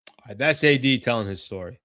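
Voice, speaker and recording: A man hosting a sports talk show, speaking at a medium pitch. He talks in a loose, chatty way, thinking aloud and catching himself mid-sentence before steering back to the point. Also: expressive, fast talker, fairly bright tone. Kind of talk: casual basketball commentary.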